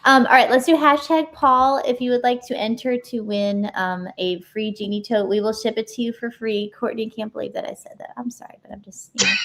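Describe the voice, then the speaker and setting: A woman in her thirties with a high-pitched voice, hosting a live stream in casual chat full of ums. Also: moderate pace, fairly bright tone, a little hiss or hum. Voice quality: self-described high-pitched voice. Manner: chatty, many ums, laughs easily. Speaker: livestream host.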